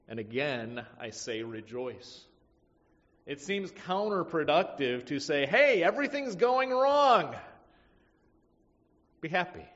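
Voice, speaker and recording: A man preaching a sermon, emphatic, swinging between loud stresses and quiet asides. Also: medium pitch. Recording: muffled sound with long hall reverb.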